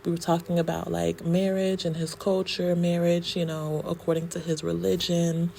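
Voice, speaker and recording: A woman's voice: lowish voice, level tone, normal speed, gravelly, warm tone, slight background noise. A woman from the United States talking casually to her viewers in a travel vlog, laughing often and using slang. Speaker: travel vlogger.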